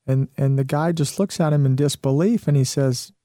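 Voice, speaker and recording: A man's voice: mid-range voice, normal speed, dark tone, dry recording, clean studio sound. A man hosting a show, giving an earnest motivational talk with some restarts and fillers. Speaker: show host.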